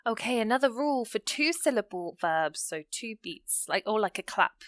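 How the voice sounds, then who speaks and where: A woman teaching an English grammar lesson, explaining rules step by step and reading out example sentences slowly. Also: a little high, lively intonation, fairly bright tone, no room sound.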